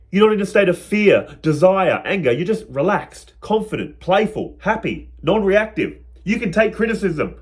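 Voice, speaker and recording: Lively, animated man explaining spirituality. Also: fairly high pitch. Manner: earnest, lively, lists words slowly. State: out of breath. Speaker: spiritual video host. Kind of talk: casual spiritual talk to camera.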